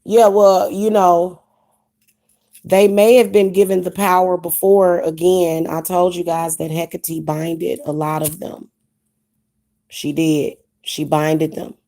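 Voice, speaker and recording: A woman's voice: fairly low pitch, warm tone. A young woman with a Kansas City, Missouri accent, talking candidly in a casual vlog. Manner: candid, repetitive, chatty. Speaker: witch vlogger.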